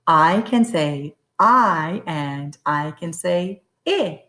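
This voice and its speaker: A woman teacher walks young children through phonics, drawing out each letter sound with care. Her voice sits a little low, and she takes her time. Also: animated, sharp tone. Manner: slow, carefully sounds out letters.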